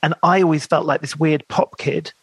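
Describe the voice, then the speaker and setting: A man with a slightly high voice talks in a dry, close-miked sound. He is a guest musician on a podcast who tells rambling stories packed with "like" and trailing asides. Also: steady tone, moderate pace, creaky, fairly bright tone, breathy edge, no echo. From England, grew up in Reading, Berkshire. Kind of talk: podcast interview, storytelling.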